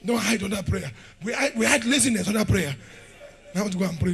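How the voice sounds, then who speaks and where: A middle-aged Nigerian pastor preaching a fiery sermon in a church, shouting, laughing and firing questions at the congregation. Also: male voice, sits high, brisk, vocal fry, slightly rough.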